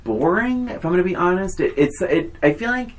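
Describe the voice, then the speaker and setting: A woman's voice: lowish voice, big pitch swings, a little fast, rough recording. A woman co-hosting a podcast, chatting casually and teasing her friend, rambling with fillers. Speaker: podcast co-host. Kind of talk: casual chat.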